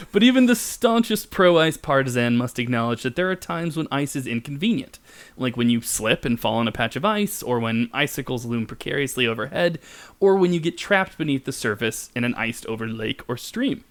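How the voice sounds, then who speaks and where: A man's voice: medium pitch, animated, moderate pace. A man co-hosting a comedy science podcast, explaining facts playfully and giggling at his own jokes. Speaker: podcast co-host.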